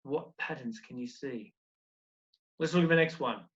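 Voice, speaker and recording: A man's voice: medium pitch, a little slow, fairly bright tone, lo-fi sound. A man teaching a recorded primary school lesson, explaining step by step and asking encouraging questions.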